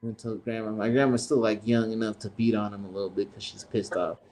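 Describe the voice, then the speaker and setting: A man's voice: on the low side, a little fast. A man on a casual podcast telling a family story, cursing freely and acting out the voices of his relatives. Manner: profane, animated, slips into voices of relatives. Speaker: podcast co-host.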